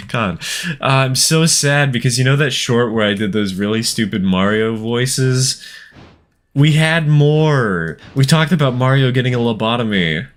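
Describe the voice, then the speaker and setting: A man's voice: mid-range voice, normal speed, a bit bright. A man from the American South chatting casually with his stream viewers in a jokey way, often breaking into laughter.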